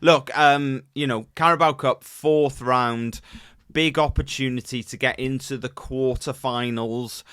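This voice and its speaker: A man co-hosting a casual football podcast, talking in halting runs, repeating words and filling pauses. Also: mid-range voice, fairly even intonation, a bit bright, clear, resonant tone, no room sound, studio quality. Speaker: podcast co-host.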